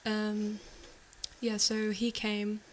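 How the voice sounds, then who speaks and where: A woman's voice: medium pitch, monotone, very slow, a little hiss or hum, low-quality recording. A woman co-hosting a casual true-crime show, retelling a case in a hesitant way full of "like" and "you know".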